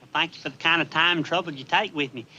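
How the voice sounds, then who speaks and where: A sweet, naive Southern Marine private. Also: male voice, on the high side, fast, pushed and bright, dull audio. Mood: earnest. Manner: earnest, polite, folksy drawl. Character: naive cheerful young male Marine private. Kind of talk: 1960s TV sitcom acting. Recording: TV soundtrack with laugh track and music.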